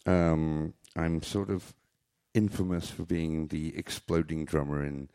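A man's voice: rumbling low, little pitch movement, takes it slowly, warm tone, clear, resonant tone. An older man telling rambling, jokey, self-mocking stories on stage at a live venue. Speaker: storyteller.

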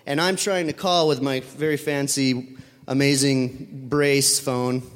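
A man's voice: medium pitch, steady tone, slow. A man telling a personal story to an audience, rambling and correcting himself with many fillers. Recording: long reverb of a hall.

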